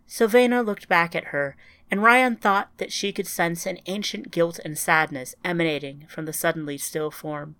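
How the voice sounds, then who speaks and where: A woman narrating a scripted audiobook in a quiet, even storytelling manner. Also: fairly low pitch, normal speed, clean tone, no echo.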